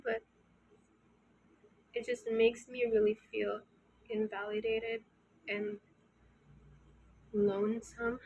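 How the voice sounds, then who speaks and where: A young woman in her early twenties speaks slowly and hesitantly, pausing often as she confides in her viewers. Her voice sits a little high and stays soft-spoken throughout. A faint hiss runs underneath the recording. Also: low-quality recording. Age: early 20s. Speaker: channel host. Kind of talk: casual confessional talk.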